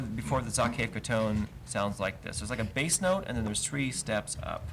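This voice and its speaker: A man's voice: fairly low pitch, animated, normal speed, creaky, few pauses. A man teaching a verse-by-verse Hebrew lesson, explaining cantillation marks patiently and chanting each trope name aloud. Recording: livestream with faint noise.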